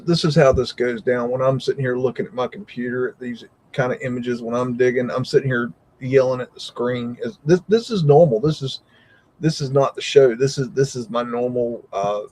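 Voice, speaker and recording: A man's voice: medium pitch, moderate pace, darkish tone, rough recording. A man hosting a live stream, thinking aloud and exclaiming in amazement, with frequent mild swearing. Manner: rambling, easily amazed. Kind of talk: live reaction commentary.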